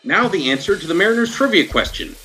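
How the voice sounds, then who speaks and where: A man guest-hosting a podcast, reading promos and introducing a guest in an upbeat, animated way. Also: high voice, fast, soft background music. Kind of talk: podcast reads and interview.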